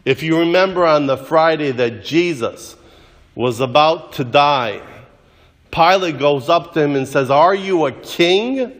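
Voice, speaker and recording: A man preaches in a slightly high voice and takes his time over every phrase. He moves between storytelling and recitation with a measured, deliberate delivery. His voice rings out with the long reverb of a large church. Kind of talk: sermon.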